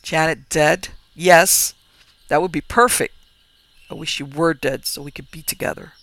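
A man's voice: a little high, flat delivery, fast talker, a bit bright. A man voicing a tormented, terrified man in a spoken horror story, anguished and strained.

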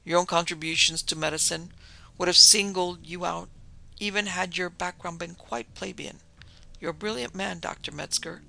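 A suave older doctor who heads a secret order, coaxing and coolly in control, read by a man. His voice is deeply gravelly with a sharp, tense edge and sits a little high for a man. It suits a storybook villain. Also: steady tone, normal speed, exaggerated voice, poor audio. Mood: persuasive. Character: smooth, domineering older male doctor leading a secret order.

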